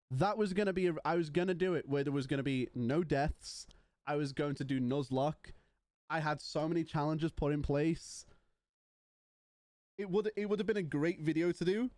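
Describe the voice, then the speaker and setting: A man's voice: a little high, a little mellow, dry recording. A young man streaming live, chatting casually and joking with his viewers. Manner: playful, joking banter with chat.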